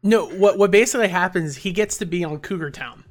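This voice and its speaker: A speaker casually retelling TV episodes with lots of fillers and quick laughs. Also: medium pitch. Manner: animated storytelling, filler-heavy, quick laughs. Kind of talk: casual chat about a TV show.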